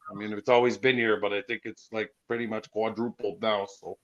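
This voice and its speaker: A man's voice: fairly low pitch, flat delivery, fairly quick, crowd noise. A man talking as a guest on a chat show, easygoing and folksy, telling stories. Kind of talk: casual chat. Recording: dull lo-fi recording.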